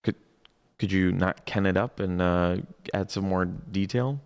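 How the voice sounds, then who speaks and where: A man co-host talks in loose podcast banter, rambling and stumbling over his words. His voice is very low and gravelly, like a smoker's, with heavy fry at the ends of his phrases. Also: measured pace. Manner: rambling, stammering restarts, self-deprecating. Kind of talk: casual podcast chat.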